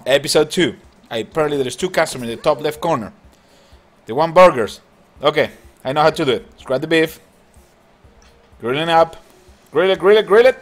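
A man hosting a gaming channel, chatting excitedly and laughing as he comments on a mobile cooking game. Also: fairly high pitch. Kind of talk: casual gameplay commentary. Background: game music.

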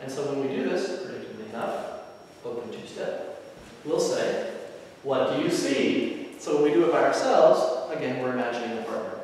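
Picture a man leading an aikido class who talks in a calm, methodical way and chants a short phrase with each step. His voice sits at an ordinary middle pitch. It rings through a big echoey hall, picked up from well away from the mic. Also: fairly quick, hardly any pauses, recorded from a distance, slight background noise. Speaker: aikido instructor. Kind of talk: demonstrating and explaining movements.

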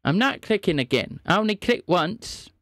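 A man's voice: high voice, very animated, normal speed, fairly bright tone, no room sound, clean studio sound. A man live-streaming a scambaiting call, teasing and playing mock-innocent. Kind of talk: live scam-call banter.

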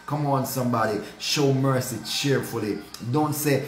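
A man's voice: medium pitch, steady tone, normal speed, hardly any pauses. A man leading morning prayer as a pastor, fervent and repetitive, stumbling over words and calling out hallelujah. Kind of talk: prayer and devotional sermon. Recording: roomy echo, faint background noise.

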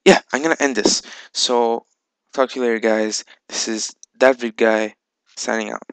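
A man chats loosely over his game footage, full of ums and easy swearing. His voice has a gravelly edge but stays smooth and clear. It sounds close and dry, with no room around it. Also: medium pitch, fairly even intonation, moderate pace, a bit bright, no room sound, low-quality recording. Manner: rambling, filler-heavy, swears casually. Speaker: video game channel host. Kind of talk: casual gameplay vlog chat.

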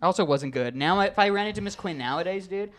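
A man's voice: high voice, expressive, fast talker, fairly bright tone. A young man, a comedian guest, talking casually and crudely on a podcast, saying dude and bro a lot.

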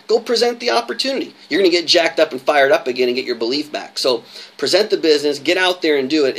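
A man, a network marketing coach, giving a motivational coaching talk in an energetic, emphatic way and often checking in with "right?". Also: fairly high pitch. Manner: emphatic, repetitive, tags lines with "right?".

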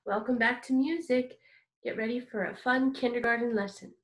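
A woman teaching a kindergarten music lesson, speaking encouragingly and singing simple songs slowly for young children. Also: fairly high pitch, fairly even intonation, echoey room. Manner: bright, encouraging, sings slowly with exaggerated voice play.

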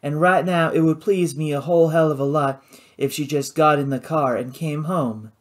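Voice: mid-range voice, moderate pace, close to an everyday voice. A reader voicing a smug, cruel Creole man in his forties. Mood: contemptuous. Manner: smooth, disdainful, mocking.

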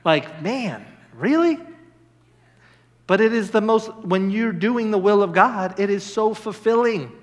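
A man in his thirties, a minister preaching a sermon with lively storytelling and sudden bursts of excitement. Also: high voice, normal speed, hardly any pauses. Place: church hall. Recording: long hall reverb.

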